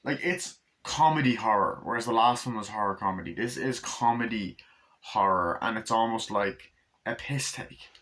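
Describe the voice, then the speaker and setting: A man's voice: fairly low pitch, normal speed, fairly bright tone. A man recapping a movie in a casual, rambling way, swearing often and acting out scenes with sound effects. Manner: rambling, profane, full of sound effects and impressions. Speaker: movie reviewer.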